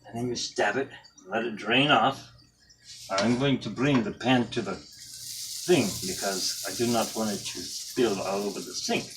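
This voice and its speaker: A man's voice: fairly low pitch, measured pace, very noisy. A man casually demonstrating a breakfast recipe in his home kitchen, chatty and jokey with rambling asides. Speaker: home cook presenting a recipe. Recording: voice from a distance with music behind.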